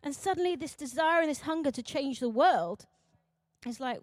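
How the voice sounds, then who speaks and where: A British woman preaching a sermon in an animated, chatty way, acting out quotes and laughing at herself. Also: high voice, moderate pace, dry recording, studio quality. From Britain.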